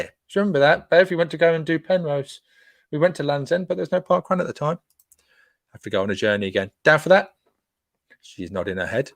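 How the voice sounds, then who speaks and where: A man with a fairly bright voice on the high side hosts a casual live stream, reading out viewer comments. He's chatty and playful, joking with listeners, and the studio-quality sound has no echo.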